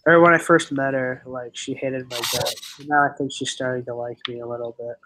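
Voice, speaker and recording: A young man streaming, rambling excitedly with lots of fillers in casual chat. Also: medium pitch, fairly quick, background noise.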